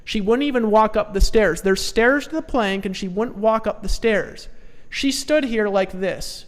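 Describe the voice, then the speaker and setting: A man speaking as a sales trainer in a motivational seminar, pushing his audience with repeated short commands, swinging between hushed storytelling and loud exhortation. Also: high-pitched, big-room sound.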